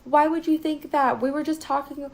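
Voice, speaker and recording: A woman mimicking a dismissive young woman who brushes off accusations in a scoffing, high-pitched voice. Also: fairly even intonation, normal speed, vocal fry.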